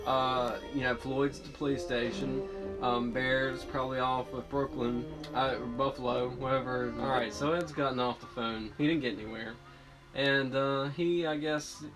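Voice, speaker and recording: A man talks through a TV episode recap in a loose, casual way. He keeps correcting himself and fills the gaps with ums and you-knows. A guitar track plays clearly underneath, and his pitch sits in a middling range. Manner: rambling, filler-heavy, self-correcting. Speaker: TV show reviewer. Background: guitar music.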